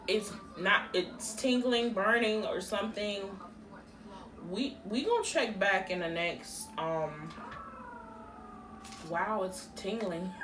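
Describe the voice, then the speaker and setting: A woman's voice: medium pitch, far from the mic, background noise. A woman, chatting casually through a beauty product unboxing, exclaiming as she reacts. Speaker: beauty vlogger. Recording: roomy echo, a bit off-mic, faint music.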